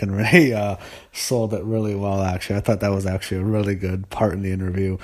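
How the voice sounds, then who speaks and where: A young man with a lowish voice talks through a wrestling show in a loose, rambling way. He leans on fillers and blunt, profane opinions, like a fan reviewing at home. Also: fairly even intonation, brisk. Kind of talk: casual spoken recap.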